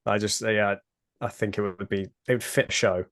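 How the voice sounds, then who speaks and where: A man's voice: on the low side, steady tone, normal speed, fairly bright tone, no echo, clean studio sound. Hesitant British man hosting a chat. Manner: hesitant, many fillers and restarts. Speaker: podcast host. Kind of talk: casual chat.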